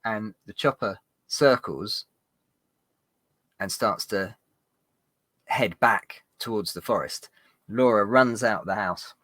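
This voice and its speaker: A man's voice: fairly low pitch, slow, long pauses, a bit bright, dry recording. A man narrating as game master of a tabletop game, rambling with fillers and restarts.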